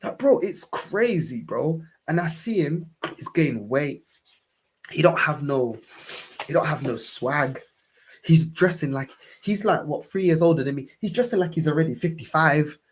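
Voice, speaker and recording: A faint hiss or hum accompanies this young English host with a London accent, chatting podcast-style for his fan channel. His slightly high voice is unhurried yet lively in intonation, and he swears with fervor, calling everyone "bro."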